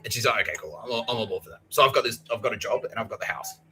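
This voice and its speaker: On a rough recording with music playing, an Australian man in his thirties hosts a podcast and rambles through a profane tale. He speaks very fast with lively intonation in a voice on the low side, acting out others' lines and laughing often.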